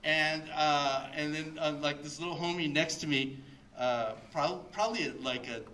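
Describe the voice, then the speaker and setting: A middle-aged man from Mexico, a guest speaker at a library event, tells an audience a rambling story full of fillers and laughs. His voice is on the high side, bright and forceful, a little slow, picked up from a distance with slight hiss or hum.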